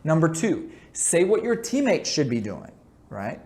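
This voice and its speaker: A man's voice: a little high, very animated, moderate pace, darkish tone. A man coaching a basketball lesson in a conversational way, often checking in with the listener. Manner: conversational, keeps checking in with "right?"; jokey asides. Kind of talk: instructional talk.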